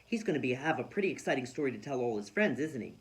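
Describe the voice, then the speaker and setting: Man doing a calm gentle nature guide. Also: medium pitch. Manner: soft, slow and soothing.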